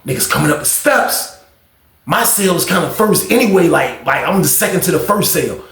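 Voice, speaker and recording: A man telling a prison story to his viewers, animated and profane, talking straight to the audience. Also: sits high, moderate pace. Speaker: storyteller, channel host. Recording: roomy echo.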